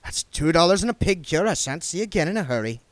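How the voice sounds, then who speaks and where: A man's voice: medium pitch, very animated, moderate pace, no room sound, voice pushed up, natural voice. A man voicing a nervous, earthy old female witch who rambles in rustic speech. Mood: flustered.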